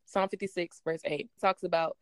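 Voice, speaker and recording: A woman's voice: on the low side, steady tone, normal speed, smooth, no echo. Encouraging woman host, dry and close. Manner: encouraging, quotes scripture, asks reflective questions. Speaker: podcast host. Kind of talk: faith-based podcast conversation.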